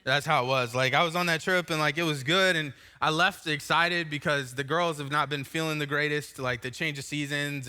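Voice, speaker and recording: Pastor, thirties, male, very bright tone, loose self-mocking sermon delivery in a church. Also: fairly high pitch, clear, resonant tone. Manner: casual and self-mocking storytelling. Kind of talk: sermon with personal story. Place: church sanctuary.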